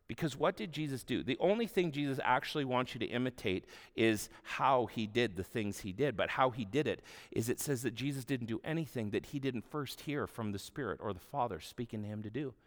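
A male pastor preaches at a mid pitch, relaxed and humorous, retelling stories as if chatting. His voice carries with a long reverb through a large hall. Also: brisk, few pauses. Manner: conversational, humorous storytelling. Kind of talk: sermon.

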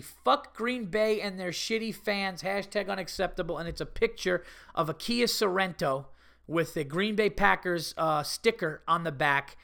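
A man hosting a podcast, telling stories in a casual, animated way, laughing often and swearing freely. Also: high voice, gravelly. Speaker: podcast host. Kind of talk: casual storytelling monologue.

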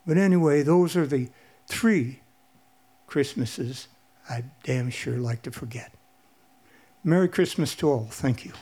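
An older man in his seventies telling a personal story at a live event, halting and low-key with many pauses. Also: dark tone.

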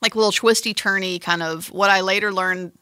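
A woman's voice: mid-range voice, fairly even intonation, brisk, pushed and bright, clear, resonant tone, no room sound, studio quality. A woman co-hosting a podcast, chatty and teasing, rambling through a film plot with restarts. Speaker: podcast co-host describing a film. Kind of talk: casual chat.

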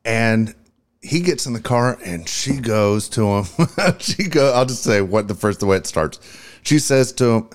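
A middle-aged man co-hosts a podcast in loose, crude casual chat. He laughs through his own stories and swears freely. His voice sits at an ordinary middle pitch. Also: expressive, a little slow. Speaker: podcast co-host.

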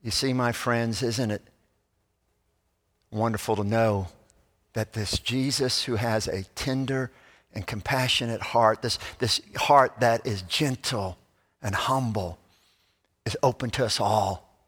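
Bright-voiced man preaching in echoing hall. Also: medium pitch, slow pace, long pauses. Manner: dynamic preaching, swings from loud animated to soft hushed. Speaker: pastor. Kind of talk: sermon.

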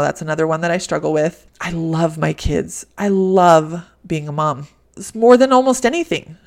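Candid woman life coach, low voice. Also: gravelly. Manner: candid, self-reflective, repeats soothing phrases. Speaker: life coach and podcast host. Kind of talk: reflective podcast monologue.

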